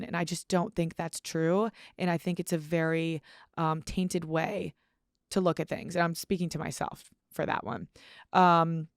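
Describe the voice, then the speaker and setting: A woman's voice: lowish voice, steady tone, moderate pace, dry recording. Candid young woman, dry close mic. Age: 20s. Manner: candid, swears freely, heavy use of "like". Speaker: podcast host. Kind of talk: casual solo podcast monologue.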